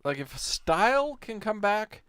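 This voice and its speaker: A man's voice: sits high, big pitch swings, unhurried, a bit bright, smooth, no room sound. Easygoing American man rambling. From United States. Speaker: podcast co-host. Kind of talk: casual podcast chat.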